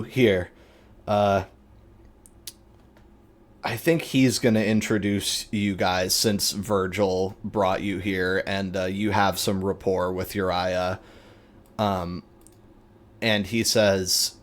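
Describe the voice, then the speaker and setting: A man narrating as game master of a tabletop game, unhurried and rambling with lots of fillers. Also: low-pitched, little pitch movement.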